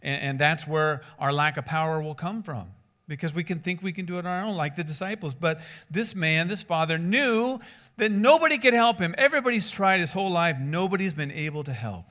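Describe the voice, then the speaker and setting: A man preaching a conversational sermon as a pastor, animated and acting out voices in the stories he tells. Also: a little high, brisk.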